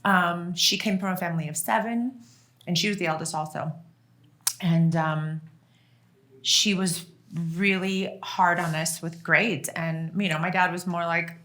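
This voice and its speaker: Bright-voiced woman telling family stories. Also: lowish voice, steady tone, measured pace. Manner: chatty, laughs often, many fillers and restarts. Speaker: author and guest speaker. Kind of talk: casual storytelling to an audience.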